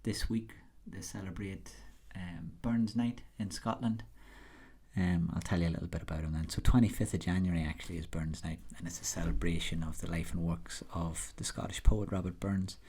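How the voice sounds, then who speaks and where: A man's voice: low voice, normal speed, slightly rough. A man casually introducing a classic poem, then reciting it with an attempted Scots accent. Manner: tries a Scots accent when reading the verse; chatty, relaxed introduction. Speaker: poetry reader.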